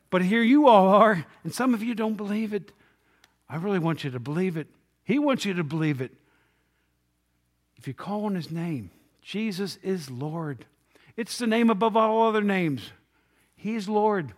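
A man's voice: sits high, expressive, moderate pace, pauses often. Man preaching with rising questions. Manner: conversational preaching, rhetorical questions, swings from loud to hushed. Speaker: pastor. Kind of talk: sermon. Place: church sanctuary.

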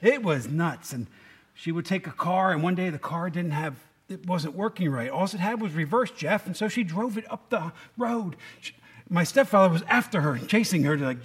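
High-voiced man preaching a casual sermon. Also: expressive, moderate pace. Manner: conversational, asks the congregation questions. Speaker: pastor.

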